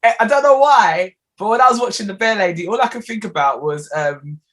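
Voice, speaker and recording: Lively woman chatting on a podcast. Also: medium pitch, a little fast, noisy background. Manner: animated, chatty, full of fillers. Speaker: podcast co-host. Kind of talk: casual chat.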